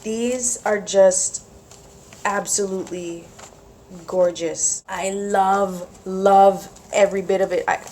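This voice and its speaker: A woman vlogging about craft mail, gushing and excitable, with gasps, whispers and squeals. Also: medium pitch, takes it slowly, slight background noise. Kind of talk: casual chat to camera.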